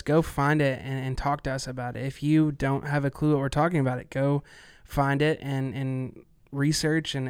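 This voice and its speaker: A man co-hosting a casual podcast who talks in a relaxed way, often restarting his sentences. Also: medium pitch, clear, resonant tone, dry recording, studio quality. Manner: relaxed, stammering restarts, Southern "y'all". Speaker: podcast co-host. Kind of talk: casual chat.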